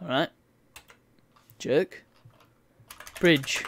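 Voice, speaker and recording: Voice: medium pitch, lively intonation, unhurried, fairly bright tone. A game streamer giving chatty, wry let's-play commentary and reading on-screen text aloud.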